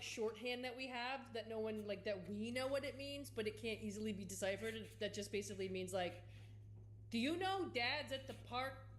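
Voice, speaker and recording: Wry woman player, fairly high voice. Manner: playful, wry. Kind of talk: tabletop role-play chat. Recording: roomy echo.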